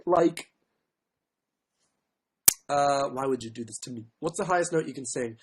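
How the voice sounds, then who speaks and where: A man hosting a casual livestream, with a sore throat and frequent throat clearing, who mocks himself and keeps apologizing and giving up on songs. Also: fairly high pitch, lively intonation, normal speed. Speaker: livestream host. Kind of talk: casual livestream chat with ukulele. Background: faint ukulele strumming.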